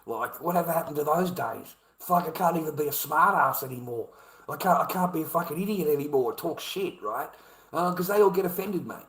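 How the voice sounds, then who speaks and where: Older Aussie bloke, aggrieved swearing rant, bright tense voice, roomy echo. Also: male voice, on the high side, expressive, a little fast. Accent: Australian. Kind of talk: ranting vlog monologue.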